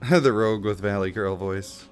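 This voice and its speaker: A man's voice: on the low side, moderate pace, clear, resonant tone. Joking, chatty male game streamer. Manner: joking, chatty, slips into silly voices. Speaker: live streamer. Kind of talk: casual gameplay commentary. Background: game music.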